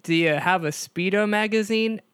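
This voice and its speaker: A man playing a game with friends, telling stories in a deadpan, slightly halting way. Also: high voice, clean tone, no room sound. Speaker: player, comedy podcast co-host. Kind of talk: casual comedic banter.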